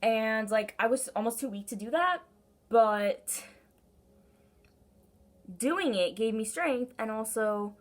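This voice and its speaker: A woman's voice: a little high, animated, takes it slowly, pauses often. Earnest woman with a pinched, brassy tone. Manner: earnest, encouraging, rambling with many asides. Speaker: tarot reader. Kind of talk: casual spoken tarot reading.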